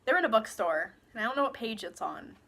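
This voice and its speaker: A woman's voice: fairly high pitch, animated, fast talker, creaky, pushed and bright. A young woman reviewing books in a casual, sarcastic rant, swearing freely, recorded on her phone. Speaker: book reviewer.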